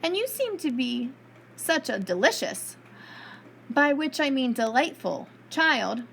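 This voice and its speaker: A woman voicing a sly, hungry male wolf in a storybook read-aloud, speaking slowly and with exaggerated politeness. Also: high-pitched, sing-song, creaky, a bit bright, slight background noise, exaggerated voice.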